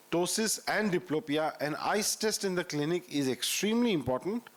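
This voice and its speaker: A man with an Indian English accent presenting medical cases at a conference and introducing the next speaker. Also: on the high side. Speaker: session moderator and presenter.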